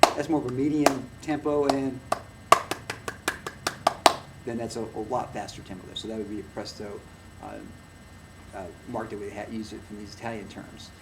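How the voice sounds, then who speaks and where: A man's voice: lowish voice, steady tone, normal speed, long pauses. A male music teacher talks through a lesson casually, stumbling over restarts and fillers. He stands well away from the microphone. Heavy background noise runs under his voice. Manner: rambling, full of fillers and restarts, claps and plays piano to demonstrate. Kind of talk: casual recorded lecture. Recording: noisy room, mic far from the speaker.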